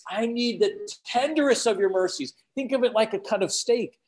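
A man preaching a sermon, acting out prayers and quotes with sudden swings from loud exclamations to hushed tones. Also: fairly high pitch.

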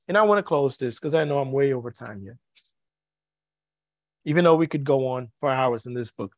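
A man preaching a sermon to his congregation, earnest and halting, often repeating words as he searches for them. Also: medium pitch, lively intonation, no room sound. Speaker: pastor.

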